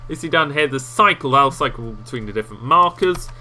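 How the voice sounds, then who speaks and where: A man walking viewers through video editing software in a casual, rambling tutorial with self-mocking asides, recorded on a desktop microphone. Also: medium pitch, lively intonation, brisk, a little hiss or hum. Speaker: game tutorial host.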